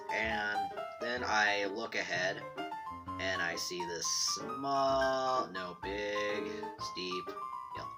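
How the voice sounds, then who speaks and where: A man's voice: fairly low pitch, slow, over loud music. A man telling a meandering story from his bedroom while drawing, self-deprecating and tripping over his words. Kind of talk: rambling casual storytelling. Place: bedroom at home.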